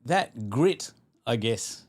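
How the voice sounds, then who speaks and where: A man's voice: mid-range voice, animated, very slow. A man interviewing a guest, asking reflective questions hesitantly, thinking aloud as he goes.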